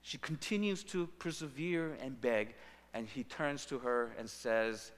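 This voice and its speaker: Animated male preacher in a reverberant church. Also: medium pitch, brisk. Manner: animated preaching, acting out quoted lines with rising intensity. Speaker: pastor. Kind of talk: sermon. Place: church sanctuary. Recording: long reverb of a church sanctuary.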